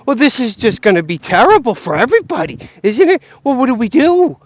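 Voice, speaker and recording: A man's voice: extremely high pitch, big pitch swings, a little fast, dull audio, voice pushed up, full character voice. A man mimicking a panicky, whining middle-aged male interviewer who asks fretful questions. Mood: whiny mocking.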